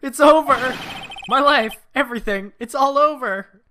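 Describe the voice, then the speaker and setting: A man's voice: very high voice, unhurried, sharp tone, a little hiss or hum, pitched above the performer's own voice, exaggerated voice. A man doing a wailing, despairing young man. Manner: wailing, over the top.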